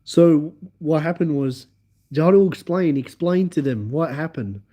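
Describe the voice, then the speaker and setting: A man hosting a livestream, telling a rambling story in an excitable way and talking directly to his viewers. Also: on the high side, a little slow. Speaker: livestream host.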